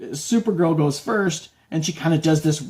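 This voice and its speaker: A man hosts his podcast in a relaxed, chatty way. He tells stories and acts out the people in them with lively, raised voices. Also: on the high side, moderate pace. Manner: animated, acts out quotes in shouts. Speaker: podcast host. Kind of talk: casual storytelling chat.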